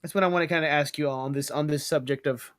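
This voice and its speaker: A man's voice: fairly high pitch, fairly even intonation, fast talker, no echo, studio quality. Rambling profane podcast host guy. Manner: rambling, profane, stumbles over words. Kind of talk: casual chat.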